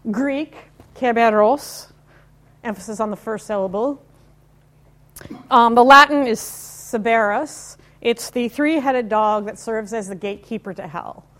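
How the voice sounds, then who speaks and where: An American woman in her fifties speaks in a slightly high, somewhat bright voice at a measured pace. She is giving a live technical talk at a conference, keeping things chatty and informal with wry asides and questions for the audience.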